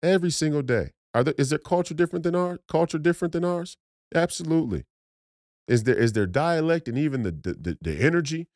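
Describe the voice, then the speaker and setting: A man's voice: a little high, lively intonation, quick pace, darkish tone, no echo, clean studio sound. A man from Minnesota hosting a podcast, delivering an emphatic, preachy political monologue with many restarts and repeated phrases. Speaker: podcast host.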